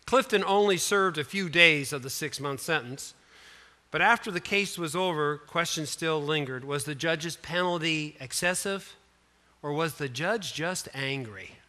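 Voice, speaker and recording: A male pastor preaching a sermon in a fairly high voice with a bright, forceful edge. He tells his stories with lively swings in emphasis and drops in casual asides to the congregation. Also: unhurried. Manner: animated storytelling, voice rising and falling for emphasis.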